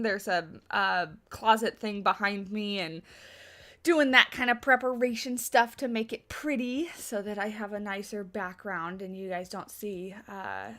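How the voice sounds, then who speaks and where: Bright, chatty woman streamer. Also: on the high side. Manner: chatty, laughs often, answers chat questions aloud. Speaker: game livestream host. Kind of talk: casual livestream chat while building in a game.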